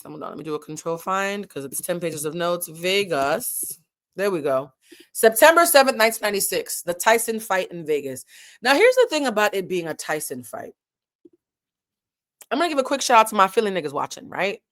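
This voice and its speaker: A woman's voice: medium pitch, a bit bright. A woman hosting a casual commentary vlog, talking animatedly and with lots of profanity, addressing her viewers directly. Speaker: host.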